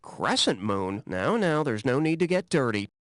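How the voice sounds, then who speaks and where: A snarky quiz host, a man with a fairly high voice that leaps all over the place. He mocks the players and jokes at their expense, with loud game music playing under him. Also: moderate pace. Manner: sarcastic, mocking, animated. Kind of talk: snarky game show hosting.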